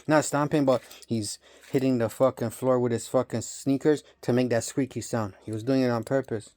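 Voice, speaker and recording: A man's voice: medium pitch, a little mellow. A man from Romania ranting in a rambling, profane monologue, tossing in bro and dog all the time. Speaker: vlogger.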